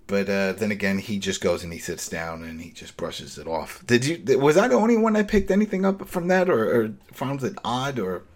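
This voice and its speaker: A man's voice: on the low side, a little fast, few pauses. A man hosting a casual TV recap podcast, acting out the characters' lines in big voices. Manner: animated, acts out quotes in big voices. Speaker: podcast host.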